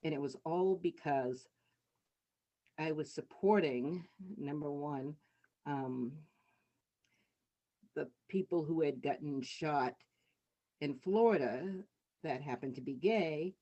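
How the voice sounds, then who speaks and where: A woman's voice: deep voice, slow, pauses often, warm tone, highs cut off. A middle-aged woman and city councilor giving candid personal testimony over a video call. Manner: candid, conversational storytelling. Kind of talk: personal testimony at a community meeting.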